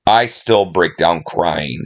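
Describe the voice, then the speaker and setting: Middle-aged man, very deep voice, unhurried; rambling casual movie chat, emotional, lots of ums. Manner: rambling, emotional, chatty with many fillers. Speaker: movie vlogger.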